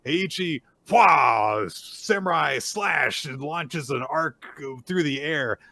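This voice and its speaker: A man's voice: fairly high pitch, takes it slowly, vocal fry, sharp tone. A man co-hosting a manga recap podcast, recounting the chapter casually, swearing freely and acting out the characters. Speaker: podcast co-host.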